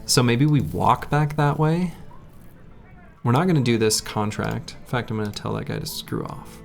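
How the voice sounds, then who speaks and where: A man's voice: mid-range voice, normal speed, vocal fry, soft background music. A man casually commenting on his game as he plays, thinking aloud and chatting with his viewers. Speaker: game streamer.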